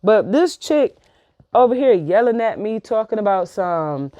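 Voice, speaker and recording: A woman, telling a personal story in a casual, slangy, profane and animated way. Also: medium pitch, measured pace, no echo, highs cut off. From New York. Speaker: vlogger.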